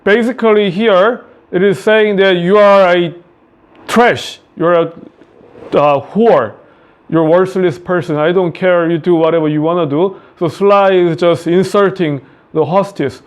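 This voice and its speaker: A high, smooth-voiced man with a Korean accent teaches a classic play and walks through it line by line. He restates each quote in simple words and often repeats himself to make a point clear. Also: fairly even intonation, a little slow. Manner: paraphrases quotes in plain words, repeats phrases. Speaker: high school English teacher.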